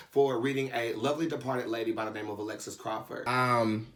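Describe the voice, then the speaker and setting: A man's voice: mid-range voice, level tone, moderate pace, fairly bright tone. A man hosting a casual mukbang chat to camera as a tarot reader, chatty and upbeat, with slang and some stumbles.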